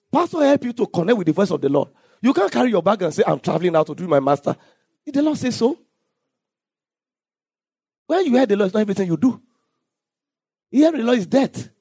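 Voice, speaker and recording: High-voiced pastor preaching. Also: male voice, breathy edge, no room sound. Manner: preaching with scripture readings, some shouted lines and sung phrases. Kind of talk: sermon.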